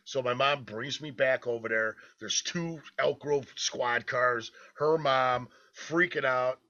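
A man with a bright, forceful voice tells a rambling story among friends, swearing freely and chuckling as he goes. The podcast audio is dull and lo-fi. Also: mid-range voice, slow. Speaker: podcast co-host.

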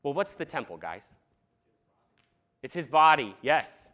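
In a church sanctuary, a lively young pastor preaches a sermon in an animated, conversational style, throwing in asides to the congregation. His voice is a little high and his pace a little slow.

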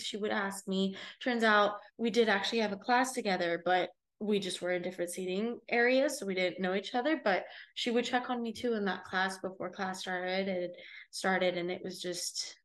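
Young socal woman telling her story, earnest and thoughtful, goes soft and quiet a lot. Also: mid-range voice. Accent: Southern Californian. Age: young adult. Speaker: guest, host's daughter. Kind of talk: personal storytelling.

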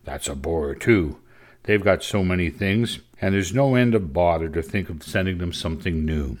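A sulky teenage boy drones on about how dull everything is, as a man reading aloud puts him on. His voice sits very low and weary, every line a grumble. It is the plain tone of a storybook reader. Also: expressive, normal speed. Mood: hesitant. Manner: complaining, world-weary.

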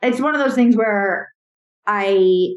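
Speaking slowly at a medium pitch, this young female comedian guest talks over a video call, and the highs of her voice sound cut off. Her casual stories ramble on, full of filler words.

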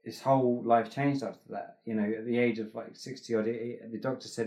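A man's voice: mid-range voice, steady tone, brisk, few pauses, a little mellow. A young man from England, a comedian guest, chatting casually in an interview and rambling with many restarts and fillers.

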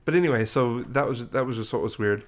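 Speaking fast at a medium pitch, a young man co-hosting a podcast tells a meandering story and corrects himself along the way. The talk is easygoing podcast chatter.

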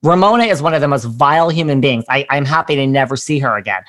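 A man chatting casually as a podcast guest, gossipy and animated, acting out what people said. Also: mid-range voice, quick pace. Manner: gossipy, animated, acts out quotes. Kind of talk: casual chat.

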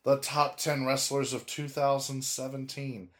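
A man co-hosting a casual wrestling podcast, talking animatedly with emphatic, drawn-out words and frequent restarts. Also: mid-range voice, flat delivery, fairly bright tone. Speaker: podcast co-host.

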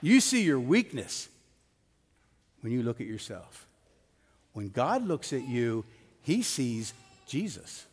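A man's voice: mid-range voice, sing-song, takes it slowly, long pauses. A middle-aged man preaching a sermon as pastor in a church sanctuary, conversational, with personal stories and light jokes. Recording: long hall reverb of a church.

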